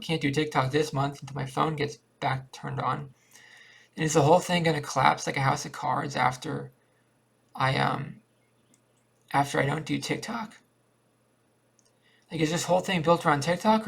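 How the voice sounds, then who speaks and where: A man's voice: on the high side, gravelly, breathy edge. A man rambling in a downbeat, repetitive confessional monologue to a cheap webcam at home. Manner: downbeat, repetitive, thinking aloud. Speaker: vlogger.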